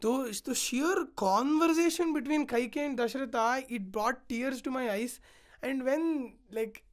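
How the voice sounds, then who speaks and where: Woman on a podcast telling an old epic story, voice a bit high, says like a lot, acts out the quotes. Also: measured pace. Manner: storytelling with many "like" fillers, acting out quoted lines. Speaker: podcast guest. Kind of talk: retelling an epic in casual chat.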